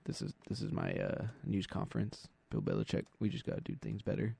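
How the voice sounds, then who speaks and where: A man doing an impression of a gruff football coach, talking in a flat, emotionless monotone. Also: fairly low pitch, fairly quick, no echo, studio quality, pitched below the performer's own voice, full character voice. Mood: deadpan monotone.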